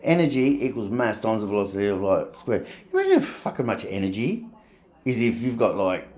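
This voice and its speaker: A middle-aged man with an Australian accent talks in a casual, rambling vlog monologue. His voice sits very low. He is blunt and swears freely. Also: huge pitch swings, a little fast, darkish tone. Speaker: vlogger.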